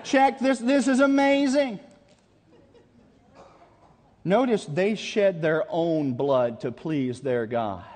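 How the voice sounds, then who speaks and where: A man with a high voice preaches a camp meeting sermon and reads scripture dramatically. He keeps calling questions out to his listeners. His voice rings with the long reverb of a large hall. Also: slow pace, pauses often, a little mellow. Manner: dramatic, calls out questions to the audience.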